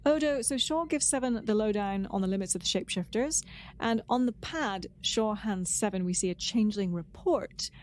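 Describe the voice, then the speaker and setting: A woman's voice: mid-range voice, animated, moderate pace, a little mellow, slight background noise. Chatty woman co-hosting a fan podcast. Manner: chatty, enthusiastic, frequent "um" restarts. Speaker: podcast co-host. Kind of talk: casual chat.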